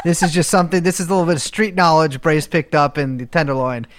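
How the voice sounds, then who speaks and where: A man's voice: a little high, steady tone, fast, background noise. A man co-hosting a podcast in casual chat, joking and rambling, often correcting himself mid-sentence. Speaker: podcast co-host. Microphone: video call from a basement.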